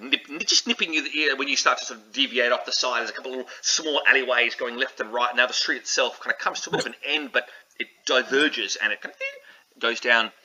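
A man's voice: mid-range voice, sharp tone, poor audio. A man narrating a tabletop game as game master in a casual, rambling way.

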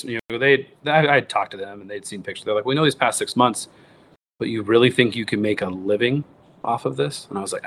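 A man's voice: medium pitch, brisk, fairly bright tone, slight background noise. A man in his thirties, a wild game cook, telling his story in a casual interview and acting out the voices of the people in it, with many restarts. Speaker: guest, wild game cook and recipe writer.

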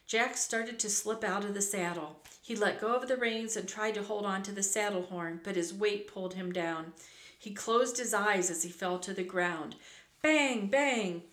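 A woman narrating a children's storybook aloud in a measured, clear, expressive way. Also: medium pitch. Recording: roomy echo, faint background hum.

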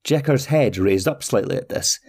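Guy reading a fairy tale slow and even, gravelly voice. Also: mid-range voice. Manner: slow, measured storytelling. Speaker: podcast host and storyteller. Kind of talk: scripted fairy-tale narration.

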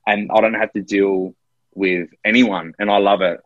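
A man with a lowish, steady voice speaks at normal speed, telling a personal story in an earnest, emotional way. He's an Australian podcast co-host having a casual chat from Melbourne during lockdown, and the recording is muffled with no room sound.

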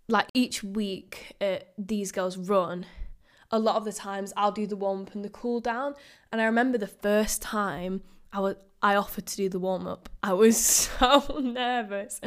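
Upbeat woman hosting a podcast. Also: mid-range voice. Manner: upbeat, chatty, motivational, quick bursts of excitement. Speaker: podcast host. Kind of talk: casual solo podcast monologue.

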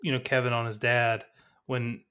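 A man's voice: mid-range voice, little pitch movement, normal speed, sharp tone, clear, resonant tone. A man co-hosting a movie podcast, talking in casual review chat and rambling through many restarts. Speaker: podcast co-host.

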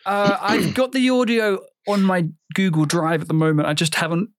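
A man's voice: sits high, steady tone, moderate pace, dry recording, studio quality. A young man, hosting a casual podcast chat, talking freely with frequent swearing and laughter. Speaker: podcast host.

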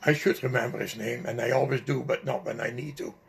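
An older man slowly recounting a personal memory in an interview, halting often with fillers and restarts. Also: mid-range voice, fairly even intonation, creaky, slight background noise. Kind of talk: personal storytelling.

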